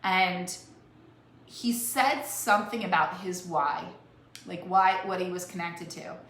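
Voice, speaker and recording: A woman life coach takes her time, speaking in a fairly bright voice that sits on the low side. Her heartfelt motivational talk to camera is earnest and emotional, with frequent restarts, in an echoey room with faint noise.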